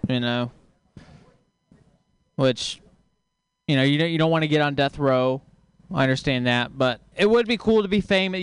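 Smooth deadpan man comic. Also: on the high side, no echo. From Texas. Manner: deadpan, dry one-liners. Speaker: stand-up comedian. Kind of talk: stand-up set. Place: comedy show on stage.

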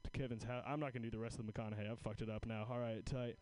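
A man's voice: medium pitch, steady tone, rapid-fire, a little mellow, rough recording. Profane rambling stand-up comedian man. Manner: profane, rambling, filler-heavy. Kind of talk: stand-up set, then feedback chat.

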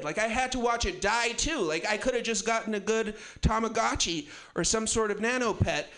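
A man's voice: high-pitched, brisk, hardly any pauses, a bit bright. A man in his twenties doing a rambling, profane, self-mocking stand-up routine. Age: 20s. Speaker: stand-up comedian.

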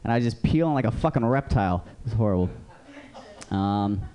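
A man's voice: lowish voice, expressive, moderate pace, warm tone. A man doing a stand-up comedy set on a club stage, telling profane, rambling stories into a stage mic.

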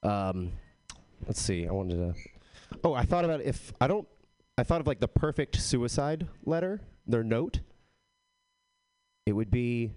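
A young man from Texas doing a halting, deadpan stand-up set full of ums and uhs. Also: mid-range voice, clear, resonant tone. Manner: halting, filler-heavy deadpan delivery. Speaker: stand-up comic.

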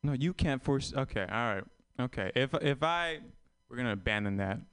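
Young vietnamese-born guy doing standup, smooth clear voice, wry and rambly, pokes fun at himself. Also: mid-range voice, lively intonation, moderate pace, a bit bright, no echo. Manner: wry, self-mocking, rambling asides to the crowd. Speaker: stand-up comedian. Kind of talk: stand-up comedy set.

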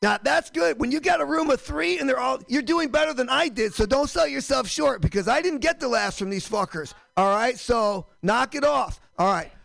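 A man's voice: very high-pitched, expressive, normal speed, gravelly, few pauses, fairly bright tone, no room sound, rough recording. A man hosting a stand-up comedy show in a small room, rambling and profane, often cutting himself off. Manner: rambling, self-interrupting, profane.

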